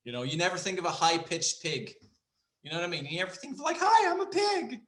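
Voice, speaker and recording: A man's voice: a little high, very animated, quick pace, bright, forceful tone, echoey room. A young man co-hosting a casual podcast, joking around, swearing freely and slipping into silly voices. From Ireland. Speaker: podcast co-host. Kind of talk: casual chat.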